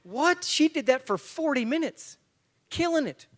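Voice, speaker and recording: With a very high, sing-song voice, a man from Tennessee and Georgia unhurriedly tells a story at a church men's breakfast while soft music plays in the background. He acts it out for the live audience, swinging between loud bursts and hushed asides.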